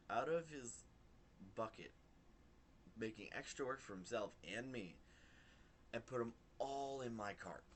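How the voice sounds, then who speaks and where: A young man vlogging, retelling a work story in a rambling, animated way with lots of fillers. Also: lowish voice, slight background noise. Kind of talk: casual storytelling to camera.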